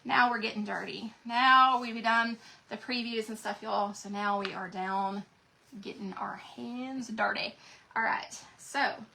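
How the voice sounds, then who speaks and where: A woman's voice: fairly high pitch, fairly even intonation, unhurried, gravelly, sharp tone, a little hiss or hum, rough recording. A woman hosting a casual crafting livestream, chatting to viewers as she works. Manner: chatty, addresses viewers as y'all.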